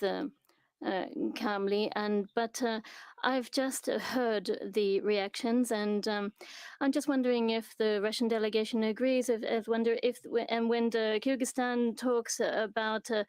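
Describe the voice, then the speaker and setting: A woman interpreting a delegate's speech as it is given, halting, with many pauses and fillers. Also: medium pitch, darkish tone, smooth, no echo.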